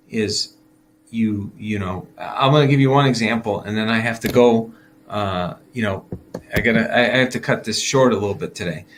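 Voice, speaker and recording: A man's voice: lowish voice, a bit bright, a little hiss or hum. A man hosting a casual market-wrap video as a financial advisor, talking loosely with fillers and chuckling as he acts out investors' thoughts. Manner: chatty, laughs while acting out investors' thoughts.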